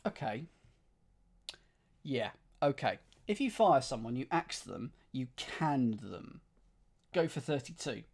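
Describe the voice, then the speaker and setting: A man's voice: medium pitch, big pitch swings, takes it slowly, creaky, pauses often, darkish tone. A man streaming himself solving a cryptic crossword, reading clues aloud and musing over the wordplay. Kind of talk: thinking aloud while solving.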